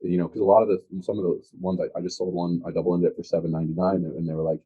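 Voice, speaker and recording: A man's voice: low voice, level tone, very fast, few pauses, mellow, husky, dull audio. A man, a real estate agent, talking with energy in a casual podcast conversation and acting out sales calls.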